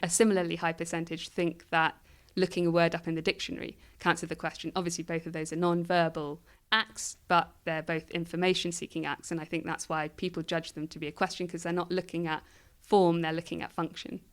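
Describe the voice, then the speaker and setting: Interview guest: woman with a low, smooth voice, explaining ideas thoughtfully. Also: little pitch movement, brisk. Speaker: guest philosopher. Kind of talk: interview conversation.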